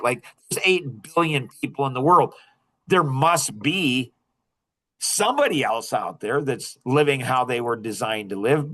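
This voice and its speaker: Brief: man in his sixties, a touch high-pitched, rambling podcast guest who keeps cutting himself off mid-thought. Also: a bit bright. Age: 60s. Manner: rambling, self-interrupting, with quick laughs. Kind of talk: casual storytelling.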